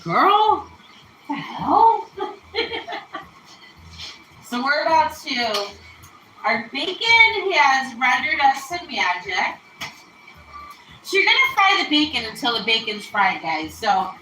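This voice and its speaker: Chatty, giggly woman with a lively, bright voice. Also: fairly high pitch, reverberant, slight background noise, low-quality recording. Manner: chatty, giggly, laughs often. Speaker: cooking show host. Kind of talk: casual cooking livestream chat. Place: home kitchen.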